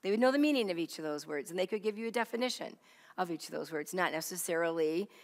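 In a hall with long reverb, a woman teaching the Bible to a live group speaks quickly and expressively in a lowish voice. She drives home key phrases by stressing and repeating them, and puts questions to her audience.

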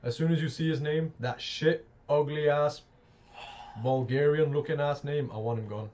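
A man's voice: fairly high pitch, steady tone, moderate pace, darkish tone. A man streaming gameplay live, talking with brash, profane trash talk. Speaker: game streamer. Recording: dull lo-fi mic with faint noise.

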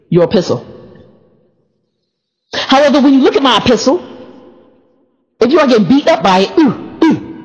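A woman giving a casual faith talk to the camera, sleepy and allergic, talking in an animated way and repeating words as she goes. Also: mid-range voice. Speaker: church member sharing devotional thoughts. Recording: reverberant, dull lo-fi sound.

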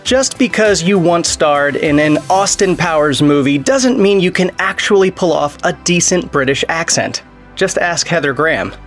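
A man's voice: a little high, fairly bright tone. Wry scripted male narrator. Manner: wry, sardonic delivery.

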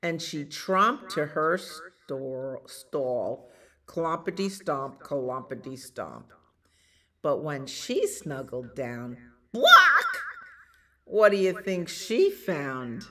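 Slow, lively-voiced woman librarian reading. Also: sits low. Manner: gentle, animated reading to children. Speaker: children's librarian. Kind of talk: bedtime storytime reading.

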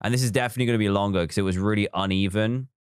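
Low-voiced man chatting on a stream. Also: rapid-fire, clean tone, no echo, clean studio sound. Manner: chatty, reads viewer comments aloud and counts blocks under his breath. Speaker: live streamer. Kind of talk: casual live-stream chat while building in a game.

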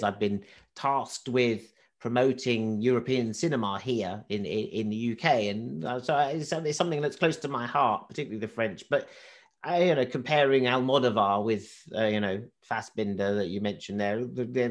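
Male film critic, animated and chatty, stumbles and restarts often. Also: medium pitch. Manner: animated, halting with many restarts. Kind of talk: casual talk.

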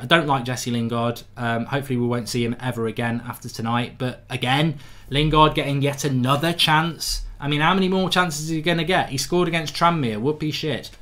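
Male fan-stream host, blunt and sarcastic, slightly high voice. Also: fairly bright tone. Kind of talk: live fan reaction stream.

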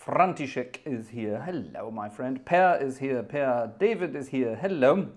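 A man's voice: medium pitch, animated, unhurried. A man hosting a live music stream, who greets viewers in a playful, jokey and chatty way. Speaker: livestream host and organist. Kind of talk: casual livestream chat greeting viewers.

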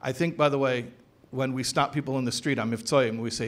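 A man speaking as a rabbi at an educators' convention, lecturing with emphasis, repeating phrases for stress and slowing down on key words. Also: medium pitch, steady tone. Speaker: rabbi giving a talk to educators. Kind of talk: conference lecture. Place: convention hall.

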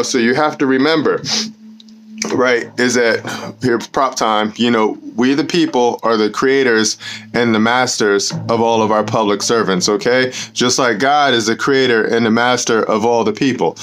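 A man's voice: mid-range voice, a bit bright. A man hosting his own show, talking casually to camera outdoors in the cold, rambling and peppering nearly every sentence with "right?" and "you know.". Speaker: show host.

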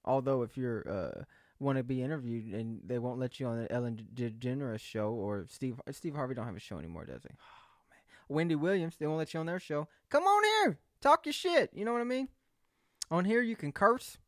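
A man's voice: medium pitch, lively intonation, a little fast, dry recording, studio quality. A young man rambling casually and joking in a solo video chat, often correcting himself. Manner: rambling, jokey, self-correcting. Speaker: vlogger.

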